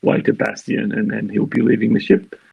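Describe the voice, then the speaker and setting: A man voicing a stern, curt male pirate captain in a formal, measured way. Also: fairly low pitch, little pitch movement, gravelly, slightly rough, dry recording, highs cut off, full character voice.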